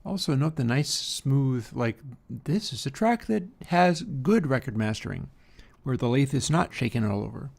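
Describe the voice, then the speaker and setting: A man's voice: mid-range voice, expressive, normal speed, gravelly, darkish tone. A man streaming casual commentary while music plays, enthusiastic with rambling asides. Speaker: streamer discussing music mixing. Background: music playing.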